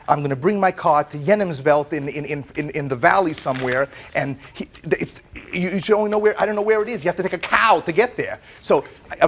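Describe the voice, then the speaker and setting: A middle-aged man testifying as plaintiff in a courtroom, telling his story in an animated way, acting out what others said, often repeating words and restarting. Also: fairly high pitch, brisk. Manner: animated storyteller, quotes others in lively voices.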